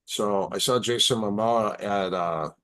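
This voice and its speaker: A man, a martial arts instructor on a podcast as a guest, telling stories in a casual, animated, halting way. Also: on the low side. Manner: animated, halting, repeats words. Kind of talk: casual storytelling.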